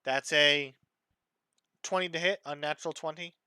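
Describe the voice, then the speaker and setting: A man's voice: a little high, steady tone, normal speed, sharp tone, smooth, dry recording. A man acting as dungeon master, casually narrating a tabletop game with plenty of fillers.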